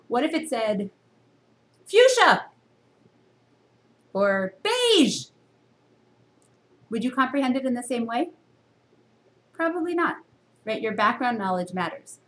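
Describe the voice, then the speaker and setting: A woman teaching a university reading course in a recorded lecture to a camera, asking her students many questions and jumping up in pitch to stress her points. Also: a little hiss or hum. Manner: teacherly, full of rhetorical questions; expressive jumps in pitch for emphasis.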